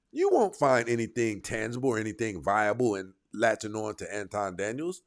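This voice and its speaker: Animated male commentary host. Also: lowish voice, normal speed. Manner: emphatic, repeats points for emphasis. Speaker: host reacting to clips. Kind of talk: heated commentary.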